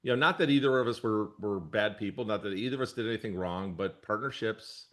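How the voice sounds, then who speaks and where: Middle-aged man, very low voice, rambling and self-correcting, easy laughs. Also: fast, fairly bright tone. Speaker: brokerage leader. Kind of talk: casual interview answers.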